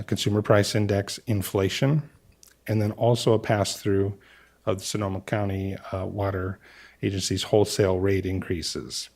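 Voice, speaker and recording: A city staff member presenting to a council meeting, speaking in a measured way with frequent "uh" fillers. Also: male voice, fairly low pitch, darkish tone. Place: council chamber.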